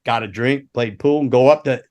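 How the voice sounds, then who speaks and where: A man's voice: mid-range voice, fairly quick, darkish tone. An older man, a former roadie, telling rambling, profane road stories in casual chat, laughing and acting out quotes. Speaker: guest, former rock roadie.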